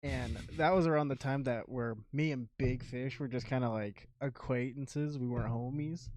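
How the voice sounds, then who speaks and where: A man's voice: medium pitch, normal speed, a little mellow, dry recording. A young man co-hosting a podcast, telling stories in a laid-back way and laughing as he goes. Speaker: podcast co-host. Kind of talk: casual storytelling.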